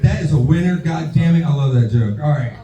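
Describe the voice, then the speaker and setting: Male stand-up comic, profane and rambling, slightly high, dark tone, roomy distant sound. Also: lively intonation, a little fast. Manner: crude, profane, rambling storytelling. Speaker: stand-up comedian. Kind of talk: open-mic stand-up set. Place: saloon bar stage.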